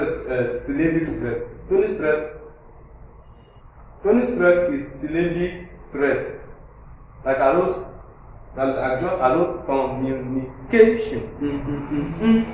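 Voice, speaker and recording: Man, teacher, slow deliberate delivery, spells words letter by letter, very roomy echo, faint hiss. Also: fairly high pitch, darkish tone. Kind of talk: classroom lesson on syllable stress. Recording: very echoey room with faint background noise.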